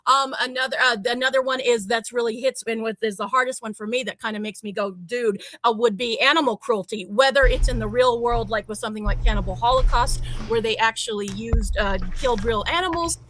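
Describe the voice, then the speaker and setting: A woman guest chatting over a video call, eager and freely profane. Her voice sits a little high and sounds bright and forceful. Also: quick pace, few pauses, slight background noise. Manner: enthusiastic, profane. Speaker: guest reviewer. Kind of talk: casual livestream chat.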